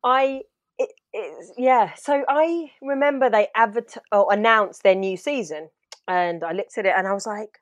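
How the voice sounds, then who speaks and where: A woman actor chatting in an interview, telling lively stories and acting out what she said back then. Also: mid-range voice, moderate pace, no echo. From half Trinidadian. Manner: animated storytelling, acts out her own past lines. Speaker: actor guest. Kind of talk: casual interview chat.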